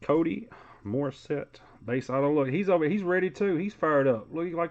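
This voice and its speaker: A man's voice: fairly high pitch, moderate pace, dull audio. A man hosting a live sports card break, calling out player names in a casual, chatty way.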